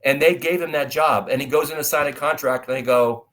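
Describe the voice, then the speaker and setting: Middle-aged american guy, lively storyteller, acts out the quotes. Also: fairly high pitch, fairly quick. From United States. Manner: animated storyteller, acts out dialogue loudly. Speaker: actor guest. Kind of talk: storytelling interview talk.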